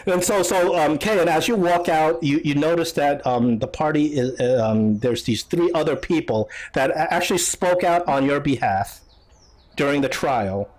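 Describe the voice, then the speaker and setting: A man narrating as game master of a tabletop game, often pausing and restarting. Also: on the high side, a little mellow, poor audio. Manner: halting, many fillers and restarts.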